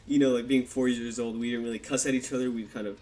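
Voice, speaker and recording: A man's voice: medium pitch, little pitch movement, fast talker, darkish tone. A young man casually telling a personal story to camera, swearing a lot and acting out what people said. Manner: casual, swears heavily, acts out quotes. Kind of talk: storytime vlog. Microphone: desktop USB microphone.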